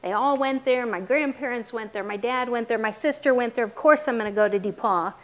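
A woman's voice: a little high, a little fast. A woman in her fifties, a pastor's wife, telling her story in a conversational, grateful way. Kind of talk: sermon testimony.

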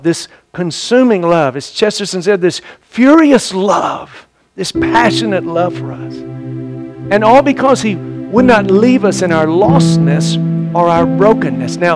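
A middle-aged man with a fairly high voice delivers a sermon, telling a story earnestly before he presses his listeners with fervent appeals. Faint music plays behind him. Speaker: pastor.

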